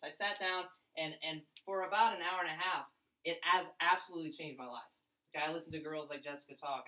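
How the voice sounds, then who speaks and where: A young man talks fast and excitedly to a room of college students, with a bright, forceful tone. He keeps acting out what friends and family said. The mic sits a little way off from him. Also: on the high side, reverberant, recorded from a distance, rough recording. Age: young adult. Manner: fast, excited storytelling with mimicked voices. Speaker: event speaker. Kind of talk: energetic pitch talk to a crowd.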